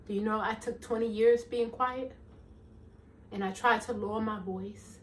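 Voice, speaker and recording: A middle-aged woman life coach giving a motivational talk in an emphatic, preacherly way, with a loud, commanding voice, calling listeners "baby" and "girl.". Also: mid-range voice, normal speed, recorded from a distance. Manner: self-described loud, commanding voice.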